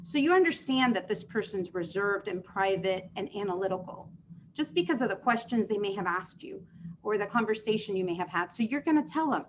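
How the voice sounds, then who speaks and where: A woman's voice: mid-range voice, lively intonation, a little fast, slight background noise. A woman running a live sales training session, explaining with questions put to the group. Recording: dull lo-fi sound.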